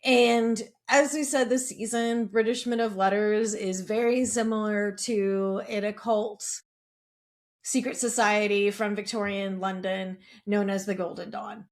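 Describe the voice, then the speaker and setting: A middle-aged woman co-hosting a podcast, chatting casually and reading a history segment, with jokey asides and casual swearing. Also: medium pitch. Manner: swears casually, jokes about herself. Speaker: podcast co-host. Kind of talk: casual chat and read lore segment.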